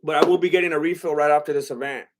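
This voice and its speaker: A man's voice: fairly high pitch, fairly even intonation, racing. A young man hosting a casual livestream and reading out chat, talking in a rambling, hesitant way with lots of fillers and restarts.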